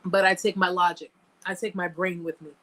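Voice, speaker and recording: A woman's voice: fairly low pitch, flat delivery, brisk, fairly bright tone, low-quality recording. A woman hosting a live chat, talking casually and emphatically to viewers, repeating phrases for effect and thanking them by name. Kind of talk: casual livestream talk to viewers.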